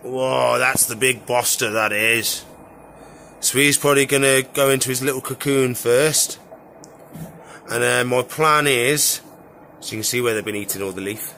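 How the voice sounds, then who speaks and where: A man with a medium-pitched voice, normal speed, and some vocal fry chats casually over a slight hiss or hum. An exotic pet keeper and vlogger, he wanders through his animals and tanks with relaxed, rambling talk and many "so yeah" fillers.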